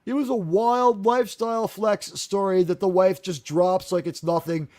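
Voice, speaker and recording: A fairly high-voiced man hosts a live chat about a TV episode, animated and quick to act out quoted lines. His voice sounds close and dry, with no room around it. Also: dry recording. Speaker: host of a TV review discussion. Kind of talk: casual chat, recapping an episode.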